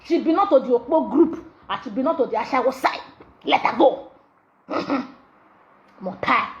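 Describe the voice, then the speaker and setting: A woman's voice: sits high, lively intonation, normal speed. A woman with a Nigerian accent, a social media vlogger ranting in Pidgin, scolding and mocking with sing-song repetitions. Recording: dull lo-fi audio.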